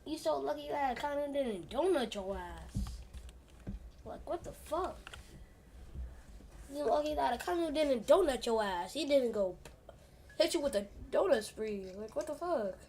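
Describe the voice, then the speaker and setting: A young woman gaming streamer giving excited live commentary on her game, swearing often and dropping to mutters. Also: high voice, a little slow, long pauses, a little hiss or hum. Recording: keyboard clicks and typing behind voice.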